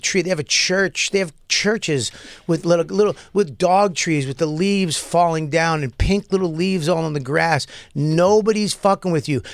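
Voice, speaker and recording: A man's voice: on the high side, no room sound. Crude, laughing man. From Boston. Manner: crude, excitable, laughs often. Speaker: podcast host and comedian. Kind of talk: casual chat.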